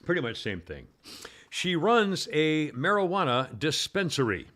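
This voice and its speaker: A man's voice: on the high side, very animated, a bit bright. Rambling male podcast host. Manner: rambling, halting with many fillers and restarts; acts out quoted people in a raised voice. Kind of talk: casual news commentary.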